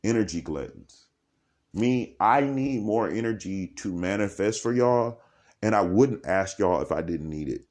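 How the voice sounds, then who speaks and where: A man vlogging alone in a dark room by candlelight, rambling from topic to topic and laughing as he talks. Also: on the low side, unhurried. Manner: animated, laughing, jumps between topics. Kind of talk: rambling stream-of-consciousness monologue.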